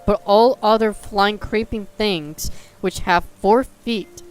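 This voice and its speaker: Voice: mid-range voice, fairly even intonation, takes it slowly, clear, resonant tone. A livestreamer reading scripture aloud in a casual way, tripping over old words and restarting. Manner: breaks off into joking asides.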